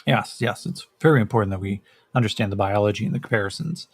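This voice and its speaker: Man doing a clinical primate scientist, quick, condescending, husky voice. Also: lowish voice, dry recording.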